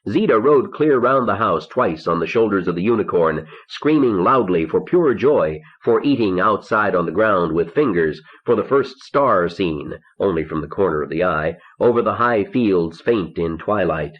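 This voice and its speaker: Man, very low voice, calm audiobook narration, dull lo-fi cassette sound. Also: moderate pace, few pauses, slightly rough. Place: recording studio. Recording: dull lo-fi 1970s cassette recording.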